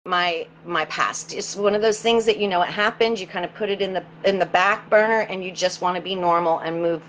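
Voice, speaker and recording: A woman guest in an interview, telling a personal story in an earnest, halting way and often repeating words as she searches for them. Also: on the low side, steady tone, fairly bright tone, slight background noise, rough recording.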